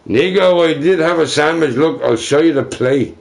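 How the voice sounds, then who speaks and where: A man's voice: a little high, normal speed, creaky, few pauses. A man rambling casually on his livestream, profane and self-mocking, chuckling between remarks.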